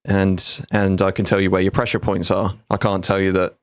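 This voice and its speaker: Brief: man in his thirties, gaming streamer and ex-soldier, blunt sweary banter, lowish voice, dry close sound. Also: level tone, normal speed, no echo. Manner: frank, sweary, jokey banter. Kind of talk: casual livestream chat with viewers.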